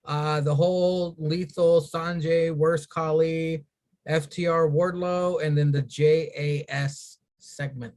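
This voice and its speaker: Man with a slightly high voice recapping. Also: flat delivery, slow pace, darkish tone. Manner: reads recap lines with wisecracks. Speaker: podcast host. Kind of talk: casual recap and chat.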